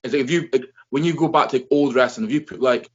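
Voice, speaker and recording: A fast-talking man with a medium-pitched voice runs a casual wrestling podcast, cursing and rambling with lots of energy. The audio is dull and lo-fi.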